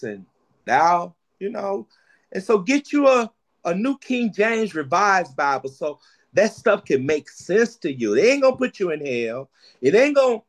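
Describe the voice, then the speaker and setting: A man preaching a sermon, lively and preacherly, repeating phrases for emphasis. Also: high voice.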